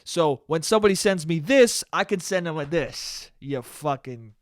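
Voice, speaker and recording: A young man hosting his own podcast, ranting in a profane, animated way. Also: fairly high pitch, normal speed, no echo, studio quality. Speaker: podcast host. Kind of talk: solo comedic podcast rant.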